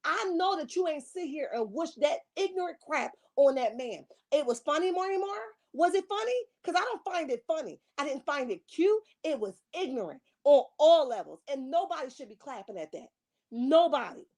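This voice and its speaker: Woman, 40s, from Camden NJ, high voice, fiery scolding rant host. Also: expressive, moderate pace, darkish tone. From Camden, New Jersey. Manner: scolding, fiery, rhetorical questions. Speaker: online commentary host. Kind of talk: heated rant commentary.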